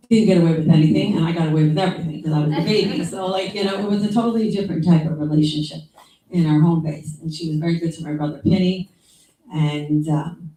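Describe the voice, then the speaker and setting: A woman's voice: low-pitched, mellow. A woman giving informal memorial remarks as a younger sister, talking in a rambling, conversational way full of asides and quoted lines. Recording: echoey room from some distance.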